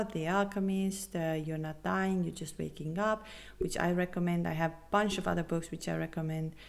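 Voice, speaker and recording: A woman hosting a spiritual podcast, talking earnestly and reassuringly with non-native phrasing, sometimes dropping to a soft half-whisper. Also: lowish voice, creaky. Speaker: podcast host and spiritual coach. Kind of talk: casual podcast monologue.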